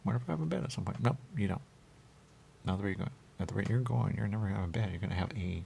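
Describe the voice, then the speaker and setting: A man's voice: fairly low pitch, racing, gravelly, warm tone, a little hiss or hum. A man hosting a talk show, rambling playfully with sing-song repetitions and riffs. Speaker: radio show host.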